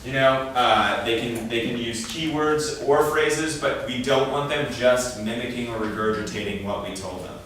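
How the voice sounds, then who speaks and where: A man's voice: medium pitch, normal speed, few pauses, a bit bright. A man giving an informal talk to parents at a training session, conversational and often acting out quoted dialogue. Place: meeting room. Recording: echoey room, speaker far from mic, faint noise.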